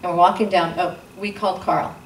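A woman with a lowish voice gives an earnest testimony as a guest speaker in an intimate church gathering room, keeping a steady tone and a brisk pace. She re-enacts dialogue with sudden jumps in pitch. The distant mic makes the sound roomy, with faint noise.

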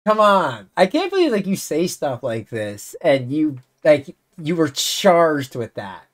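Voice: medium pitch, sing-song, a little slow. A channel host reading messages aloud in casual commentary, breaking in with exasperated, sarcastic remarks.

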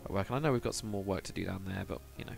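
Guy streaming a build, low-ish voice, mutters along, answers chat, quiet music underneath. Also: racing, vocal fry. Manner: rambling, thinks aloud, mutters to himself; reads out and answers viewer chat. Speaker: live streamer. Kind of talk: casual live stream chat while building in a game.

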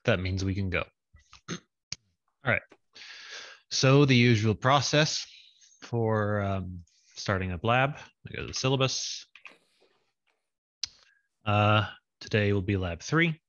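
A man with a lowish, forceful, bright voice walks students through a coding lab over a video call. He talks casually, thinks aloud and fills pauses with ums and uhs. The sound is dry and a little dull, like lo-fi call audio. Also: expressive, no echo. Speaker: lab instructor. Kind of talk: online coding lab walkthrough. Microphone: video call with screen share.

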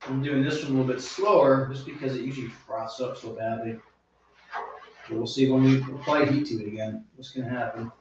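An easygoing man with a mid-range voice talks through his brewing steps in short casual remarks. He is far from the mic in a very echoey room, and the sound is dull, with loud background noise. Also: mid-range voice, steady tone, fairly quick. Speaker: homebrewing video co-host. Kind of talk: casual chat while brewing. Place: home brewing space. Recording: roomy, distant, dull and very noisy home recording.

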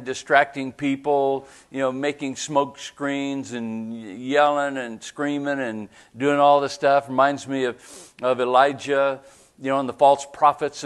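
A man's voice: medium pitch, clear, resonant tone. A man preaching a sermon at a church service, talking in a conversational way and often checking in with the congregation. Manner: conversational preaching with frequent "right?" asides. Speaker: pastor.

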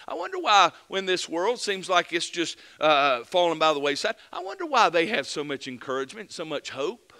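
Bright-voiced fervent preacher, a man. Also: fairly high pitch, huge pitch swings, moderate pace, few pauses. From United States. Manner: fervent preaching, rising to loud emphatic peaks. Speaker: pastor. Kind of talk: sermon.

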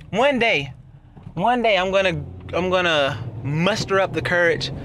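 Talking slowly from behind the wheel, a young man vlogs casually in a high, expressive, slightly bright voice, ranting, laughing a lot, and drifting into fillers. Road and traffic noise from the car runs underneath.

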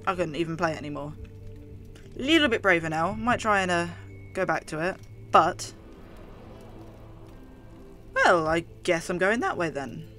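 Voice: medium pitch, sharp tone. A gamer with a London accent and a slight lisp, commenting on a horror game in a chatty, jumpy way, swearing often. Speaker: gaming video host. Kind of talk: let's play commentary.

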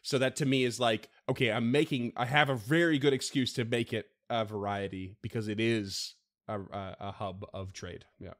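A man's voice: mid-range voice, fairly even intonation, moderate pace. A man who runs the game, chatting casually on a podcast, rambling with frequent restarts and laughs. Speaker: game master.

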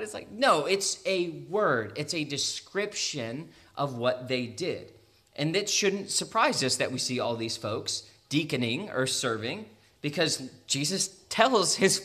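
Bright-voiced young American preacher. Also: male voice, on the high side. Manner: conversational, laughs often, quick asides and restarts. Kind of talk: sermon.

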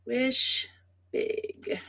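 She draws out her words in a sharp tone as she runs a casual scrapbooking livestream. Talking to viewers by name as she crafts, she thinks aloud and drifts into frequent asides.

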